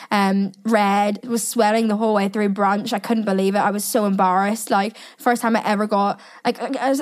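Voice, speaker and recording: A young British woman telling a story in a casual monologue as podcast host, animated and swearing freely with chatty asides. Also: on the high side.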